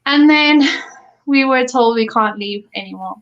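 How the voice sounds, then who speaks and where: A South African woman, a guest on a live stream, telling stories in a lively, chatty way and laughing often. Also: fairly high pitch, a little slow. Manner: animated storyteller, laughs often, acts out quoted dialogue. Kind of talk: casual chat on a live stream. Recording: muffled lo-fi audio.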